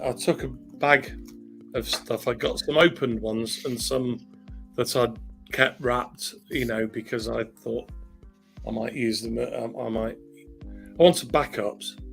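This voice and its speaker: A man's voice: medium pitch, vocal fry, low-quality recording. A middle-aged man chatting casually as a co-host, blunt and frank, hesitating with uhs. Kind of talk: casual chat.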